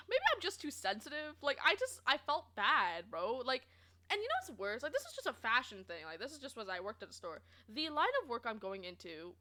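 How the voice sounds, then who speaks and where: A young adult woman streaming, chatting casually and rambling through a story, quoting people in animated voices, laughing often and filling pauses. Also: fairly high pitch. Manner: animated and giggly, lots of fillers, quoting others in lively voices.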